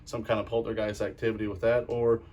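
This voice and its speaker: A paranormal investigator speaks in an interview in a somewhat low voice. He is blunt and earnest, and he often says the same thing twice. He sounds steady and sure of himself. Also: quick pace, muffled recording, slight background noise.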